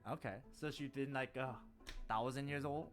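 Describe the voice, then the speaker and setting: A man's voice: medium pitch, moderate pace, faint music behind. A young man, chatting animatedly while streaming a game. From Malaysia. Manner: chatty, animated, laughs often. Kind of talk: casual gameplay commentary.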